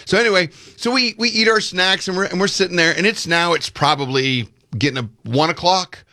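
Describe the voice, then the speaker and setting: A man's voice: sits high, fairly quick, no echo, studio quality. A man co-hosting a casual chat, telling a long story and acting out the quoted dialogue. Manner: animated, acts out quoted dialogue. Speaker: podcast co-host telling a story.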